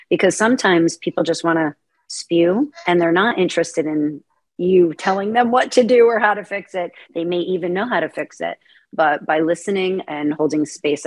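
A woman guest on a radio talk show speaking calmly and thoughtfully about supporting others. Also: low voice, no echo. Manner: calm, measured, thoughtful. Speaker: guest, burnout coach. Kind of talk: interview conversation.

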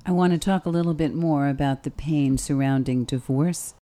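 A woman from the Bronx hosting a radio talk show, giving slow, deliberate advice to listeners. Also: deep voice, warm tone. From Bronx, New York.

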